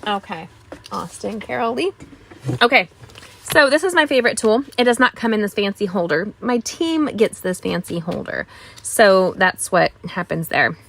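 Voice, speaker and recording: Live craft host, woman, middle-aged, chatty and upbeat, mid-pitched voice. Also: fairly bright tone. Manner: chatty, greets viewers, enthusiastic asides. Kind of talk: casual live-stream craft demo.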